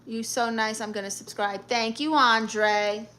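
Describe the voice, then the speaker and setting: Bright sassy lady on a livestream, talks back to chat, a bit of hiss behind her. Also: fairly high pitch, fairly even intonation, a little slow. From Puerto Rican and Guatemalan family. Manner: sassy, blunt comebacks to chat comments. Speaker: livestream host reading viewer comments. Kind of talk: casual live-stream chat.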